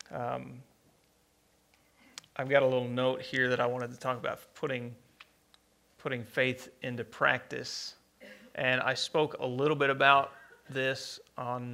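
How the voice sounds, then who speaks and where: A man preaching a conversational sermon, plainspoken and unhurried, with many pauses and restarts. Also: medium pitch, gravelly, bright, forceful tone.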